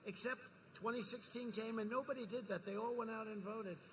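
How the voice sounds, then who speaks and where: A man's voice: sits high, fairly quick, a little hiss or hum. A man giving a campaign rally speech, boastful and repetitive, rousing the crowd. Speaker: politician speaking at a campaign rally.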